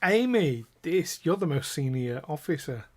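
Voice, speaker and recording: Slow-talking jokey male game master. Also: on the high side, very animated, slightly rough. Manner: jokey, laughs often, teasing players. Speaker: game master and show host. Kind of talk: hosting a live tabletop game stream.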